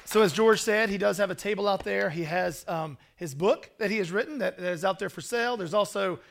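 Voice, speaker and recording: A man gives casual announcements at a church service. His voice is high and gravelly. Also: brisk. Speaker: church host.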